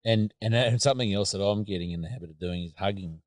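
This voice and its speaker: A man's voice: lowish voice, quick pace, no room sound, studio quality. An Australian man hosting a casual chat, rambling and hesitant, with many fillers.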